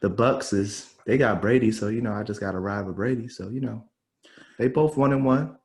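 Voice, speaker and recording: A man's voice: fairly low pitch, normal speed, a little mellow. A man co-hosting a casual podcast, speaking easily and often repeating words as he thinks. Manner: easygoing, repeats himself as he talks. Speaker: podcast co-host. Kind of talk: casual chat.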